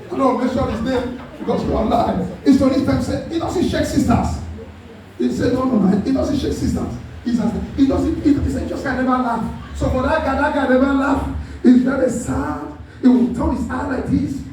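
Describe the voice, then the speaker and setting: A pastor preaching in a church hall, his voice unusually high for a man. He leans on call-and-response and laughs as he goes. The sound is very echoey and comes from some way off the mic, with a faint hiss behind. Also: a little mellow, far from the mic. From Nigeria. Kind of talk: sermon.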